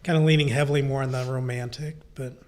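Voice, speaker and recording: A middle-aged man from Iowa, a filmmaker guest telling stories in a relaxed, chatty way with frequent small laughs. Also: medium pitch, fast talker. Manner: relaxed storytelling with frequent chuckles. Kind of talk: casual interview.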